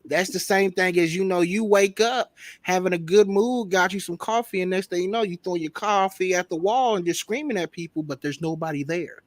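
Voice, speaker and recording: A man's voice: high-pitched, fairly quick, no room sound. A man with a stuffy, congested voice from a cold, talking loosely and slangily as a podcast guest. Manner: loose, slangy, swearing freely. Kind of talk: casual podcast chat.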